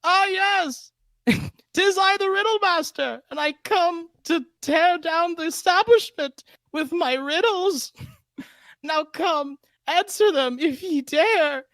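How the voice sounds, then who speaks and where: A pompous male riddle-teller from a tabletop game who pitches his voice way up. He declaims each word slowly and loudly in old-fashioned phrasing. The sound is close and dry. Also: dry recording, exaggerated voice. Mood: grandiose. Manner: booming, drawn-out grand delivery.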